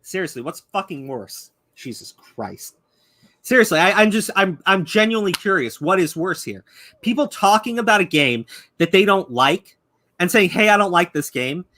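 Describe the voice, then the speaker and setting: A man's voice: high voice, very animated, bright, forceful tone. A man hosting a commentary stream, ranting angrily and swearing heavily. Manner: angry, profane, rapid ranting. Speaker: YouTube commentary host.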